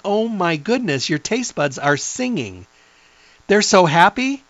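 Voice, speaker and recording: Chatty middle-aged guy selling a health drink, kinda high voice, dry dull sound. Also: a bit bright, no room sound. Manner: chatty, enthusiastic, rambling lists. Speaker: product presenter and nutrition lecturer. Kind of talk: enthusiastic product pitch.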